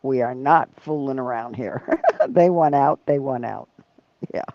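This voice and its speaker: A woman's voice: extremely low pitch, measured pace, no echo. Chatty woman telling stories, dull recording. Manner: animated storyteller, laughs often. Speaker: leatherwork channel host. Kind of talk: casual chat.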